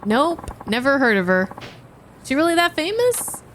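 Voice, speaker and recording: A curious, dry-witted male tour guide, voiced by a woman dropping her pitch. He sounds easygoing and a little sardonic, read aloud from a game script. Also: very animated, unhurried, fairly bright tone, slight background noise, full character voice. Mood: wry. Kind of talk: reading game dialogue aloud.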